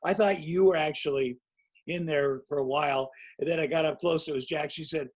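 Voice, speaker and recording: A man's voice: fairly high pitch, steady tone, a little fast, breathy edge, low-quality recording. A man in his sixties telling long, rambling, self-mocking anecdotes as a guest in a casual interview. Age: 60s. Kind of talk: casual storytelling.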